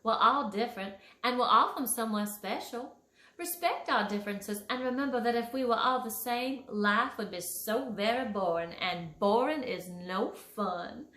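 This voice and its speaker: A woman's voice: on the high side, moderate pace. Woman doing a honeyed Southern fairy. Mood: sweet scolding. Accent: Southern US drawl. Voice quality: honeyed, gently scolding, calls kids pet names. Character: sweet, prim female fairy who teaches manners. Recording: echoey room.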